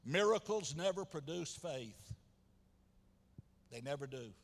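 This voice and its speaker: A man, preaching a sermon as pastor, swinging from quiet asides to loud shouted passages. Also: a little high, animated, slow. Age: 70s. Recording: long hall reverb.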